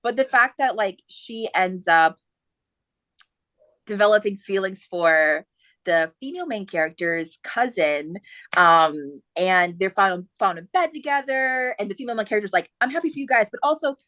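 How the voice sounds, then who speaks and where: A young adult woman hosting a podcast, chatting in a lively way, laughing often and acting out the book's characters in quick voices. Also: mid-range voice, no room sound. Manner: animated retelling with many voices, laughing often. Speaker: podcast host. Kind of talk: casual chat.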